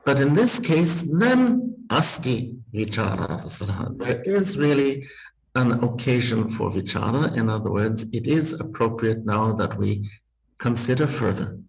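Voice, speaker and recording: A man's voice: medium pitch, expressive, unhurried, creaky, a little mellow, low-quality recording. A man teaching as a university Sanskrit professor, thinking aloud with careful restarts and small laughs, talking over a video call. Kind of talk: university text-reading seminar.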